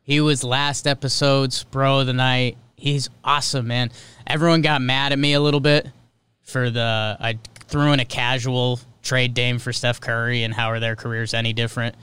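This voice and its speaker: Man, podcast host, smooth clear voice, casual chat, clipped score readouts. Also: medium pitch, level tone, a bit bright. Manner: rattles off scores in quick clipped bursts.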